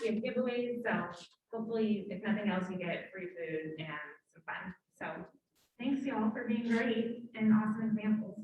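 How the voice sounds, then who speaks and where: A woman's voice: mid-range voice, moderate pace, lo-fi sound. A woman who directs student engagement, welcoming students in an upbeat, joking way. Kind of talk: casual welcome remarks. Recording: very echoey room from far off.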